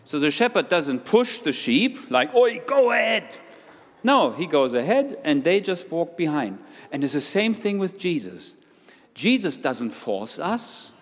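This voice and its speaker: High-voiced man leading a playful children's sermon. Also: very animated, unhurried. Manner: playful, questioning the audience, walking around while talking. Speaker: preacher leading a children's talk. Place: church. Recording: long hall reverb.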